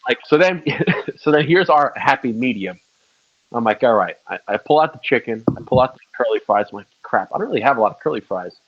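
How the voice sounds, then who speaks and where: A man's voice: medium pitch, expressive, a little fast, a bit bright. Man, casual podcast chat, rambling stories, swears often, dull lo-fi recording. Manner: swears a lot, rambling storyteller. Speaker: podcast co-host.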